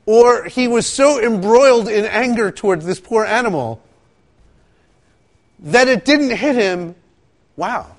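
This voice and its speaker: A man preaching a sermon, telling stories with animated asides and acting out quotes. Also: extremely high pitch. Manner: animated storytelling, acts out quotes, laughs often. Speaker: pastor.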